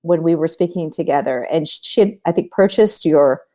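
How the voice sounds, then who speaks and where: Woman, middle-aged, low pitch, gentle, reflective interview host. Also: a little fast. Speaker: podcast host. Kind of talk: empathetic interview conversation.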